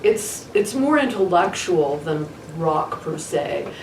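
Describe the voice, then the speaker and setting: A woman's voice: low-pitched, lively intonation, takes it slowly, darkish tone. Chatty, opinionated woman co-host. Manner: chatty, opinionated, playful teasing. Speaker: podcast co-host. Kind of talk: casual chat. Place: studio. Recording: roomy studio, distant mic, faint ambient noise.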